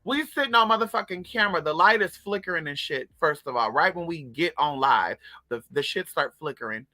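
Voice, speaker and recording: A woman's voice: deep voice, lively intonation, fairly quick, pushed and bright, no room sound. A woman telling stories straight to her viewers in a casual, profane vlog, as a spiritual coach who runs online classes.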